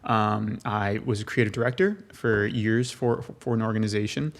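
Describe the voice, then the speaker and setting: A man's voice: lowish voice, fairly even intonation, normal speed. A young man hosting a casual podcast, rambling and often stammering through repeated words. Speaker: podcast host. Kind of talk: casual chat.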